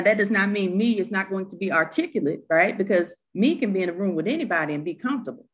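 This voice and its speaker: A woman with a Southern US accent speaking on a panel, animated and emphatic, often checking in with "right?". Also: lowish voice. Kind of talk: candid panel discussion.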